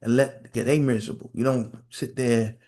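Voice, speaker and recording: A male podcast host telling a story in a casual, animated rant, repeating phrases and acting out quotes. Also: mid-range voice, normal speed. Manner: animated storytelling with lots of repetition and acted-out quotes.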